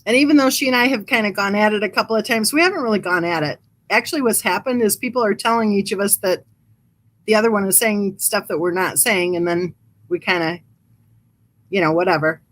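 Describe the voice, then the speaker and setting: A woman talks loosely and chattily on a livestream, drifting from thought to thought with an amused tone. Her pitch sits in the middle for a woman, and she speaks through a computer mic. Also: brisk, a bit bright. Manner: reads live chat aloud. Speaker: true crime channel host. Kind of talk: casual livestream chat.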